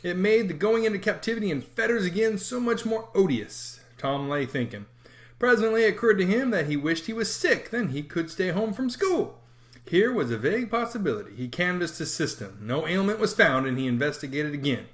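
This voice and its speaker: An audiobook reader narrating a classic novel with expressive, lively storytelling. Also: medium pitch, fairly quick.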